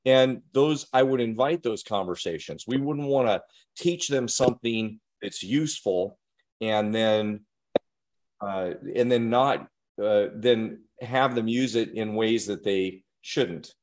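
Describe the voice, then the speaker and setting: A man's voice: lowish voice, slow, darkish tone. A man giving an earnest, direct instructional talk to parents and educators, often putting questions to his listeners.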